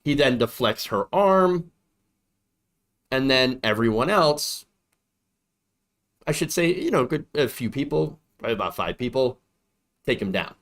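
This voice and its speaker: A man hosting a political commentary show, talking emphatically and repeating points for effect. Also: mid-range voice.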